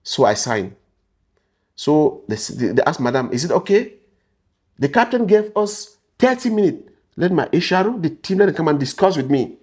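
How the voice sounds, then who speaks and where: A man's voice: fairly high pitch, big pitch swings, moderate pace, a little mellow, slightly rough. A man from Cameroon with a Cameroonian English accent, telling his story as an interview guest and acting out the people he quotes. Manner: acts out the people he quotes, shifting voice up and down. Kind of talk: animated storytelling.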